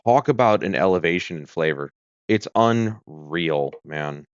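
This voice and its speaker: Low-voiced man rambling on a livestream. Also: animated, a little slow, clear, resonant tone, no room sound, lo-fi sound. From United States. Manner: rambling, chatty, with fillers and self-corrections. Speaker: livestream host. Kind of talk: casual livestream chat. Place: home room with a kitchen corner. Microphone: streaming setup.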